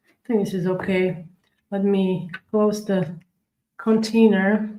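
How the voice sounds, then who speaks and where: A woman runs a live cookie-decorating stream, chatting with viewers and walking through each step while reading their comments. Her mid-range voice is mellow and slow, with little pitch movement. The audio quality is poor.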